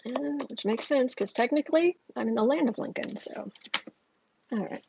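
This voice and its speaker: A woman hosting a casual psychic tarot livestream at home, chatting with viewers and pausing often with fillers. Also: fairly high pitch, gravelly, heavy background noise. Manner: chatty, answers viewers' chat, halting with fillers. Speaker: tarot reader and livestream host. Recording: dull lo-fi stream audio.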